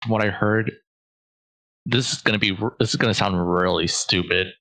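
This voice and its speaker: A man's voice: lowish voice, fairly even intonation, moderate pace, pushed and bright, poor audio. A man co-hosting a podcast in blunt, offhand casual chat. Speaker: podcast co-host.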